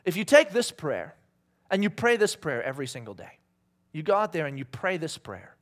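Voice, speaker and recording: A male preacher with a slightly high voice gives a relaxed, conversational sermon. He jokes with his listeners, laughs easily, and slips into little voices when he tells a story. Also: moderate pace. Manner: conversational and joking, laughs often, acts out voices. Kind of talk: casual sermon.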